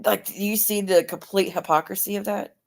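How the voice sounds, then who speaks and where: A woman's voice: medium pitch, steady tone, brisk, vocal fry. A woman hosting a livestream, arguing defensively and swearing as her anger rises. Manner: defensive, swearing, rising to angry outbursts. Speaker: livestream host. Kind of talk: heated livestream argument.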